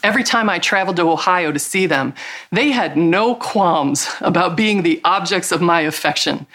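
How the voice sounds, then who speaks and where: A woman's voice: lowish voice, lively intonation, moderate pace, a bit bright. A middle-aged woman giving a devotional teaching talk, earnest and emphatic, drawing out key words. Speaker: Christian speaker.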